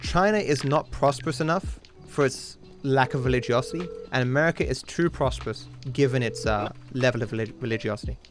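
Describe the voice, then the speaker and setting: A man's voice: mid-range voice, fairly quick, hardly any pauses. A young Australian man livestreaming a speedrun, talking casually in a rambling, opinionated way full of fillers and restarts. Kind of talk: casual stream chat while gaming. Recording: home mic with game music and gunfire behind. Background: game music and gunfire.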